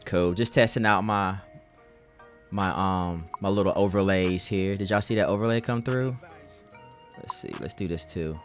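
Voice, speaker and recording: Chill slangy dude streaming, kinda low voice, talking to chat, a little music under it. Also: male voice, moderate pace. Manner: laid-back, slangy, reads chat aloud. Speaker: streamer reacting live with chat. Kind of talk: casual live-stream chat.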